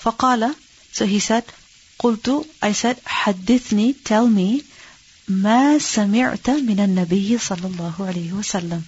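A woman's voice: mid-range voice, fast talker, a little mellow, husky, dull audio. A woman teaching an Islamic hadith lesson, reading Arabic text and explaining it in English, asking and answering her own questions.

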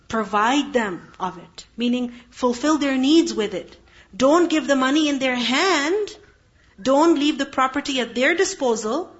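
Woman, Quran lesson teacher, rhetorical questions, explains Arabic terms, fairly high voice, dull lo-fi recording. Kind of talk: religious lesson.

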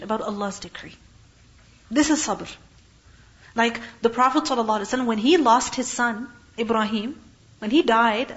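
A woman giving a religious lesson, asking questions and answering them herself, and reciting verses slowly. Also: fairly high pitch, dull audio. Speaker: Quran teacher.

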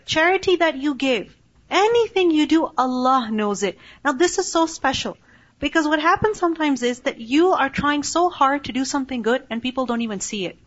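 A woman's voice: a little high, fairly bright tone. A woman giving a Quranic lecture, telling stories, asking rhetorical questions and reciting verses in Arabic. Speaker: religious teacher. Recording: dull lo-fi recording.

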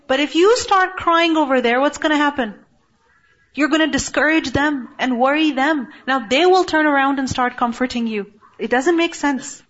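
A woman teaching a religious lesson, gently explaining a text and asking listeners rhetorical questions. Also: sits high. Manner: recites source text quickly, then translates slowly. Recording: dull lo-fi recording.

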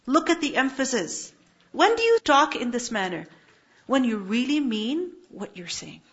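A high-voiced woman teaches a Quran lesson, breaking each Arabic word down and pressing her points with rhetorical questions. The recording is a little muffled and lo-fi. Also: big pitch swings, unhurried, fairly bright tone. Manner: explains Arabic words step by step with rhetorical questions. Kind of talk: religious lesson on Quranic verses.

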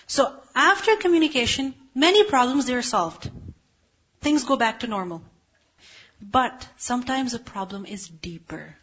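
High-voiced woman lecturing with rhetorical questions. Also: lively intonation, a little slow, fairly bright tone, husky. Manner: explains step by step with rhetorical questions. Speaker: religious teacher. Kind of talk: explanatory lecture. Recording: dull lo-fi recording.

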